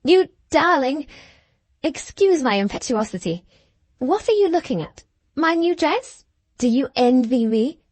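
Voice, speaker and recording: A woman's voice: high-pitched, expressive, measured pace, no room sound. A woman voicing a hard, bitter young schoolgirl who talks with satirical scorn in an audiobook. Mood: vain. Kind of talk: audiobook character reading.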